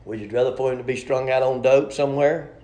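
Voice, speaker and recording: A man's voice: mid-range voice, fairly even intonation, quick pace, warm tone, roomy sound. A man preaching a sermon in a folksy, rhetorical, joking storytelling manner.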